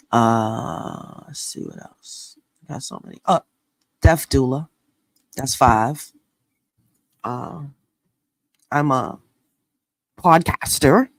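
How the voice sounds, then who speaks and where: A middle-aged woman from New York State hosts an astrology channel, telling a story in a casual, animated way full of profanity and slang. Her voice is very deep, with no room sound.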